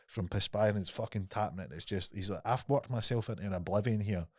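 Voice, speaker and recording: Male podcast host, deep voice, dry booth sound, animated storyteller who swears freely. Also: quick pace, no room sound. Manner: animated storyteller, swears often, acts out quotes. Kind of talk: casual podcast chat, storytelling.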